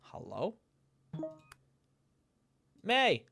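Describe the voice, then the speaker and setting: This gamer's voice sits a little high for a man, recorded close and dry with no room echo, while faint music plays behind him. Unhurried and with lively intonation, he talks through his game, reads chat messages casually, and reacts aloud with laughs and now and then a curse.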